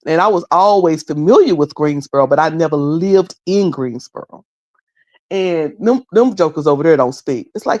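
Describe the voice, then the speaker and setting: A woman's voice: deep voice, lively intonation, normal speed, a little mellow, no room sound, highs cut off. A middle-aged woman from North Carolina with a Southern accent, casually chatting to her livestream viewers, repeating phrases and mimicking people as she goes. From High Point, North Carolina. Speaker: livestream host.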